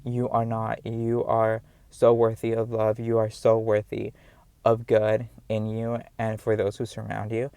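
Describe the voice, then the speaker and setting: A man's voice: on the low side, monotone, measured pace, vocal fry, dark tone, clear, resonant tone, dry recording. A man with a noticeable accent giving an earnest, rambling talk to camera, encouraging viewers with many fillers and repeated words. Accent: noticeable non-standard accent. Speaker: vlogger. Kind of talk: casual motivational talk to camera.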